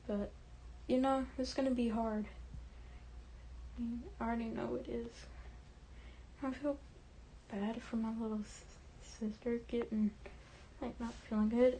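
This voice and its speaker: A woman's voice: fairly high pitch, warm tone, a little hiss or hum, rough recording. Rambling young woman vlogging to camera. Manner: rambling, restarts often, fillers like "like" and "um". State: tearful, voice quiet and shaky. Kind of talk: casual talk to camera.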